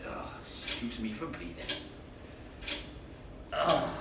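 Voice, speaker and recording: A man's voice: high-pitched, animated, moderate pace, very noisy. A man performing a live stage monologue as a cantankerous, swearing older man complaining in a hospital waiting room. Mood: ranting. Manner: gruff, complaining, swearing, bossy. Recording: roomy live stage sound, distant mic.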